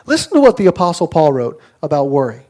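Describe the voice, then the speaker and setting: A man's voice: a little high, sing-song, fast, dark tone. A young adult man preaching a sermon in a conversational way, telling stories with acted quotes. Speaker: pastor.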